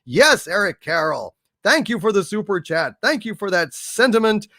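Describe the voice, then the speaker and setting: A man hosting a comedy live stream, reading out viewer messages in an animated, halting way with many fillers. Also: sits high, dry recording, clean studio sound. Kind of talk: casual live stream chat.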